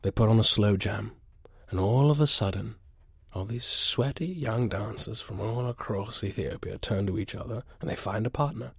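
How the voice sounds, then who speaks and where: A husky man spinning an absurd story with dead-serious conviction, sometimes hushed, sometimes booming. His voice sits low and is recorded close and dry, with no room sound. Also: normal speed, no room sound. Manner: earnest, swings from hushed to booming. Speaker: improv comedy performer.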